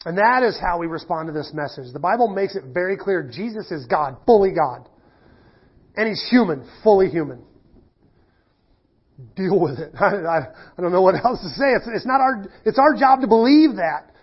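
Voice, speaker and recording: A man's voice: on the high side, slightly rough. A middle-aged male pastor preaching a sermon, telling a story casually with many restarts, then turning earnest and emphatic. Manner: conversational storytelling with frequent restarts. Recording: slightly dull lo-fi sound.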